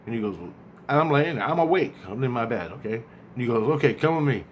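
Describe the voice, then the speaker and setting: A man casually retelling a dream, rambling and acting out both sides of the conversation, often halting and repeating words. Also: mid-range voice, expressive, slight background noise.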